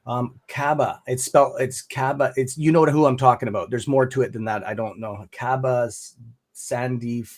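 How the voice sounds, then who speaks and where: Casting: Canadian male stream host, middle pitch, loose and friendly, rambling chat to viewers. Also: steady tone, moderate pace. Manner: rambling, friendly, calls viewers brother and bud. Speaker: stock trading stream host. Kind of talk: casual live-stream chat.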